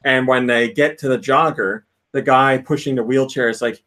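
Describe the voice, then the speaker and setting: Guy hosting a chatty podcast, reads news bits out loud, laughs a bunch. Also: medium pitch, steady tone, normal speed, few pauses. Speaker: podcast host. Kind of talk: casual podcast chat.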